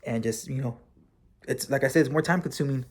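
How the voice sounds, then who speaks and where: A man's voice: medium pitch, a little fast, slightly rough. Man casually telling a personal story. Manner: relaxed and conversational, with frequent fillers and occasional swearing. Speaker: vlogger and former correctional officer, now bus driver.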